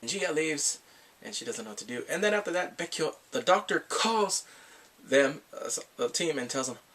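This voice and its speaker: A man excitedly recapping a drama in casual chat, laughing and acting out the characters' lines. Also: fairly high pitch. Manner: animated, laughing, acts out characters in quick quotes. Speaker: drama reviewer.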